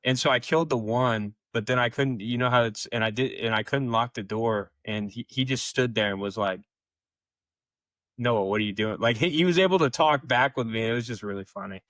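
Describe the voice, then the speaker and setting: A man's voice: mid-range voice, a little fast, hardly any pauses, fairly bright tone, no room sound. A young man co-hosting a podcast, telling casual, rambling stories full of fillers. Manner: rambling, filler-heavy storytelling. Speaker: podcast co-host. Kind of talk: casual storytelling chat.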